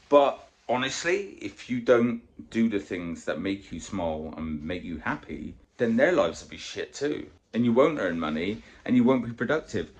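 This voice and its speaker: A man in a casual motivational vlog, coaching on weight loss in a blunt, sweary, animated way. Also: low voice.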